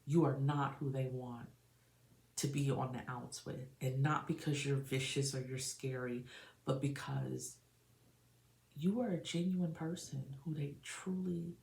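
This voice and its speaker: A woman's voice: a bass voice, steady tone, a little slow, gravelly, a little mellow, roomy sound. A woman giving an emotional, earnest tarot reading for her viewers. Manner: emotional, earnest, channeling feelings. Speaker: tarot reader.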